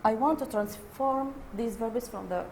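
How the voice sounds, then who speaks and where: Slow-talking woman teacher. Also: a little high, darkish tone, slight background noise. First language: Arabic. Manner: slow, repeats key words, switches into Arabic to explain. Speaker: English teacher. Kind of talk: online grammar lesson.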